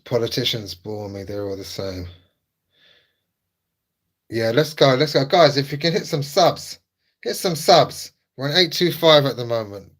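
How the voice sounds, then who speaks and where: A man's voice: mid-range voice, moderate pace, pauses often, poor audio. A man chatting casually with his live-stream viewers, laughing often and teasing them.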